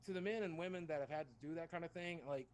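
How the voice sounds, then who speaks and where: A man casually telling a personal story, candid and heavy on swearing. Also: on the high side. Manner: profane, candid, fast-talking.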